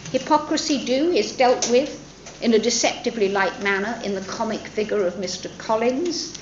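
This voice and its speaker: A woman lecturer talks through a novel in a thoughtful, expressive way, her pitch moving freely. She pauses on fillers and restarts her sentences. The recording is roomy, a bit dull, with a faint background hum. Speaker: literature lecturer.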